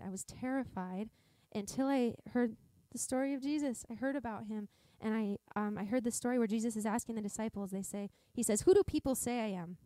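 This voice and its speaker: A woman's voice: on the high side, dark tone, dry recording. A woman from Montana preaching a sermon in a church service, earnest and conversational, often restarting her sentences. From Montana, USA. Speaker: pastor.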